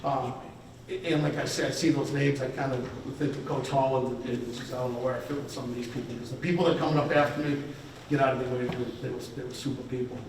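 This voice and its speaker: A man's voice: medium pitch, fairly even intonation, fast talker, a little hiss or hum. A man in his fifties giving a rambling, self-deprecating hall of fame acceptance speech at a banquet dinner. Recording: echoey banquet hall from far off.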